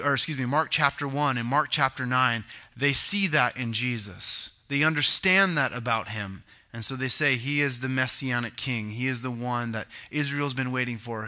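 Bright-voiced pastor preaching casually. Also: male voice, mid-range voice. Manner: conversational teaching with asides and self-corrections. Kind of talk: sermon.

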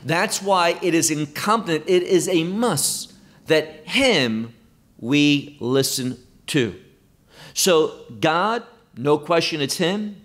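Slow, emphatic male Bible teacher. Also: a little high, a bit bright. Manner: slow, emphatic, quoting scripture verse by verse.

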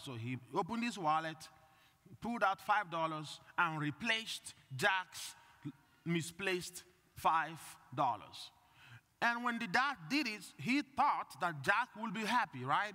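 A man's voice: sits high, big pitch swings, takes it slowly, sharp tone. A male priest giving a conversational sermon and putting questions to the congregation. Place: church. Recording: long reverb in a church.

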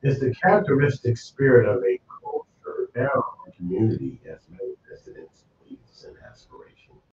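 A man hosting a morning radio show, chatting casually with co-hosts, laid-back and quick to laugh. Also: medium pitch, wildly swooping pitch, darkish tone, echoey room. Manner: laid-back, laughs often, muses aloud. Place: radio studio. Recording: slightly muffled studio mic with faint background hiss.

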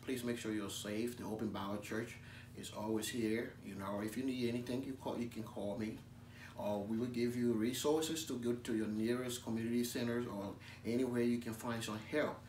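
A calm, earnest American pastor, as a man puts him on talks softly and slowly in a lower, hushed voice. The sound is roomy and comes from a distance, with faint background noise. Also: lightly acted. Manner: soft-spoken, slow, earnest. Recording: echoey room from a distance.

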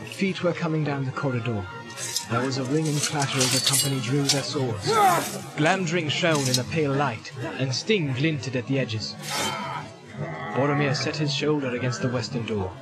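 Male audiobook narrator, medium pitch, dramatic storytelling, loud music bed. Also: normal speed.

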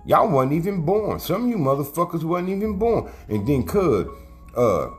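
A man's voice: on the high side, very animated, normal speed, soft background music. A middle-aged man, telling street stories in casual, profane, slang-heavy talk and acting out the quotes. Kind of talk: casual storytelling.

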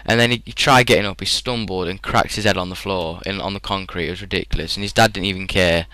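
Over gameplay, a teenage British lad tells casual, rambling stories, chatty and full of fillers and laughs. He talks quickly with fairly even intonation, and his slightly low voice comes across bright and clean. It's a close, dry recording without any room echo.

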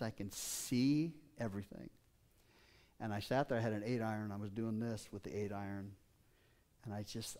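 A man's voice: mid-range voice, dark tone. Earnest older male pastor. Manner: earnest personal storytelling with frequent restarts. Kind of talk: sermon.

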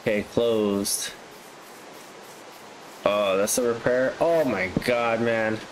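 A man casually commenting on his own gameplay, chatty and easily excited. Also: medium pitch, takes it slowly, a little hiss or hum, poor audio. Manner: excitable, flares up into frustrated outbursts. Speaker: gaming vlogger.

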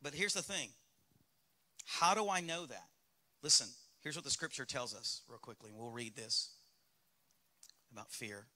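A man's voice: mid-range voice, moderate pace, long pauses, pushed and bright. A male pastor with a Southern US accent preaching a sermon in a church, speaking candidly and asking the congregation rhetorical questions. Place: church sanctuary.

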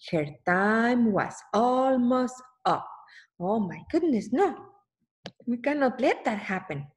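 A woman reading a picture book aloud to children, exclaiming often and stopping to ask the listener questions. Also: a little high.

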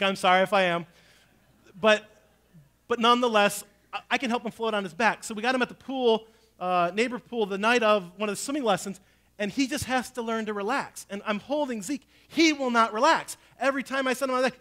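A man preaching a sermon as pastor, telling a family story and swinging between hushed, low lines and loud, urgent ones. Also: brisk.

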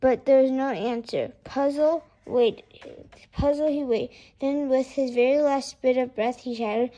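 A woman reads a children's picture book aloud. Her voice sits high and bright, and she lilts expressively through every sentence. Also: a little slow, dull audio. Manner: expressive, lilting. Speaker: storyteller. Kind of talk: children's storybook read-aloud.

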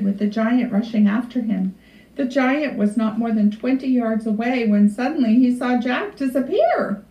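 A woman librarian reading a storybook aloud to children in an expressive, unhurried way. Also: a little high. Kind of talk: storybook read-aloud for kids. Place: library room. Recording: echoey room, far from mic, dull.

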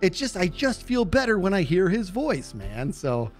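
A man chatting earnestly during a game, warmly and effusively praising another player. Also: high voice, sing-song, normal speed, faint music behind. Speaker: fellow player. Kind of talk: casual chat.

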